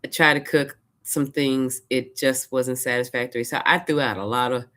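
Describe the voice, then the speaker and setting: A woman's voice: rumbling low, steady tone, normal speed, fairly bright tone. A woman from Louisiana, chatting casually in a vlog and retelling her days with quoted asides. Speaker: vlogger. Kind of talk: casual personal storytelling.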